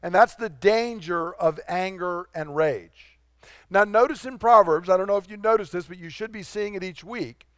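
A male pastor preaching a sermon in a conversational way, slowing down to stress key phrases. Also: sits high, fairly bright tone, dry recording, studio quality.

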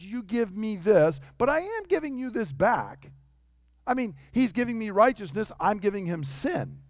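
A man's voice: high voice, dry recording, clean studio sound. A man in his fifties, a pastor preaching a sermon, emphatic and conversational, acting out the voices he quotes.

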